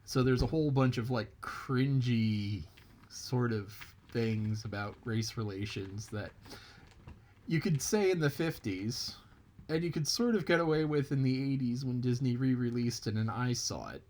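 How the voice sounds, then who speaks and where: A man's voice: mid-range voice, animated, a little slow, a little mellow. A man telling a folk tale in a casual, chatty way, stopping to explain things as he goes. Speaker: storyteller.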